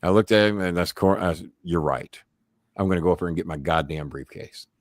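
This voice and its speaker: A man's voice: deep voice, a little fast, no room sound, clean studio sound. A man hosting a casual chat show and telling a profane wrestling story. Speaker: show host.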